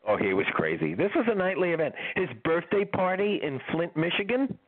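An older man, a guest musician, telling tour stories in an interview in an animated, laughing way. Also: high voice, brisk. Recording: tinny phone-like line.

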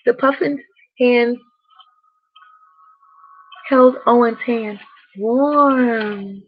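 A woman reading a bedtime story aloud, gently speaking to the children listening. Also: on the high side, muffled recording. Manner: slow, gentle, addresses children directly.

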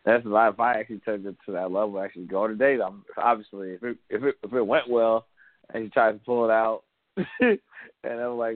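A man's voice: mid-range voice, fairly quick, no room sound. A man in casual podcast chat, rambling with frequent laughs and restarts. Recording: tinny phone-like sound.

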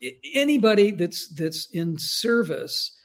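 A man's voice: sits high, animated, measured pace. A man appearing as a guest on an astrology show, speaking in a thoughtful, chatty way and repeating words as he works out his ideas. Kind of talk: casual chat.

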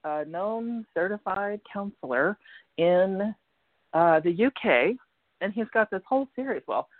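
A woman's voice: medium pitch, animated, measured pace, dry recording. A chatty woman talking as a radio guest over a tinny phone line. Her voice rises and falls a great deal as she tells her stories. The sound is dry and close. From United States. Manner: chatty, laughs often, acts out quoted lines. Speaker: guest, energy healer. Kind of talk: casual radio chat.

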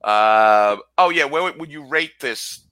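A man's voice: medium pitch, expressive, measured pace, pushed and bright, no echo, low-quality recording. A man co-hosting a sports talk radio show, teasing and ribbing his co-hosts in casual banter. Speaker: co-host.

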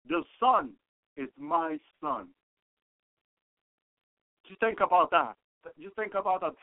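A man's voice: high-pitched, no room sound. A man preaching a fervent sermon, repeating phrases and breaking into exclamations of praise. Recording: tinny phone-like radio broadcast.

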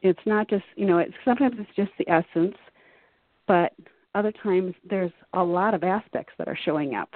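Brief: female guest, earnest and musing, lowish voice, dry tinny phone sound. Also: normal speed, dry recording. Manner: earnest, reflective, rambling with fillers. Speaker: guest artist. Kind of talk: casual interview chat.

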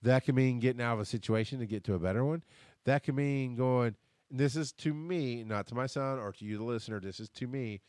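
A man's voice: medium pitch, fairly quick, darkish tone, dry recording, clean studio sound. A man in his thirties hosting a podcast, talking bluntly and rambling through a casual personal monologue, swearing freely. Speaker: podcast host. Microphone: headphones and desk mic.

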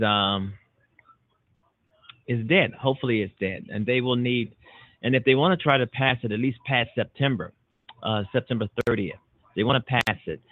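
A man's voice: mid-range voice, no room sound. A man hosting a political talk radio show, delivering emphatic, repetitive, punchy declarations. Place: Chicago-based internet radio show. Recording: tinny phone-like line, dry.

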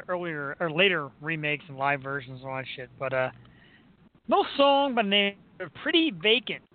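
A man with a fairly high voice chats about music as a podcast host, jumping around in pitch. He keeps slipping into goofy little imitations and jokes. The sound is thin and tinny, like a phone line. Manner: goofy, breaks into silly sung and spoken imitations. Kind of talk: casual chat about music.

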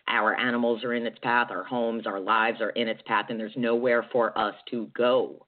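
A woman hosting a political talk show, talking earnestly and getting emotional as she comments. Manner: emotional, earnest, wide pitch swings. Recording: tinny phone-like audio.

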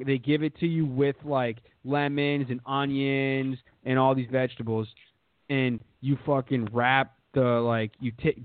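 A young man with a medium-pitched voice hosts a podcast, rambling through crude, casual chat full of cursing and constant "dude"s. The audio is dry, with no echo, and has a lo-fi, phone-like quality.

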